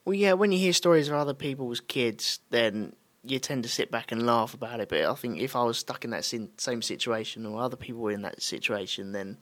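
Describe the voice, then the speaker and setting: A man's voice: mid-range voice, fairly quick, few pauses, fairly bright tone. A man co-hosting a casual chat, reflecting in an easygoing way.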